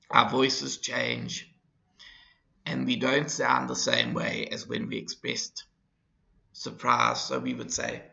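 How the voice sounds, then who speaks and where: A man teaching an English lesson, explaining slowly and deliberately to his class. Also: mid-range voice, big pitch swings, vocal fry, sharp tone. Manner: deliberate, with acted example phrases. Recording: roomy, dull lo-fi recording.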